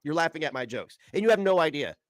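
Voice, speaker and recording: A man's voice: fairly high pitch, big pitch swings, fast talker. A man ranting in a crude, boastful way, often breaking into giggles. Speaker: streamer being reacted to.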